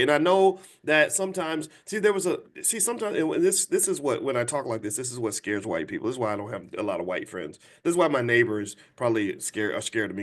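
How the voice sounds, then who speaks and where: An emphatic man in his fifties lectures his viewers directly, preachy and blunt. He often restarts his sentences and climbs into a high mocking register to mimic people. His voice sits at an ordinary middle pitch. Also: a bit bright. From United States. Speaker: host. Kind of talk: live-stream talk to viewers.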